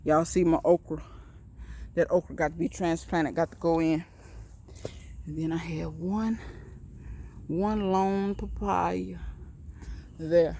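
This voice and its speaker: A woman's voice: on the low side, fairly even intonation, takes it slowly, vocal fry, long pauses, warm tone, a little hiss or hum. A woman giving a casual, rambling tour of her backyard garden and greenhouse, talking straight to her viewers in a folksy way while filming on a handheld phone. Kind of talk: casual walk-and-talk tour.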